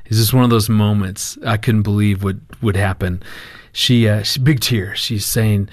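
Lively man telling a family story. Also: fairly low pitch, normal speed, no echo, clean studio sound. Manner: animated storyteller, laughs often, quotes himself. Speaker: marriage ministry guest. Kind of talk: storytelling on a talk show.

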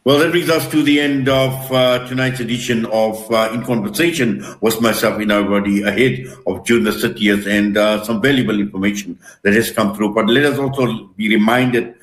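A man hosting a broadcast panel discussion, speaking in a measured, reflective way with frequent pauses. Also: on the low side, steady tone, reverberant, low-quality recording. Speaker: host.

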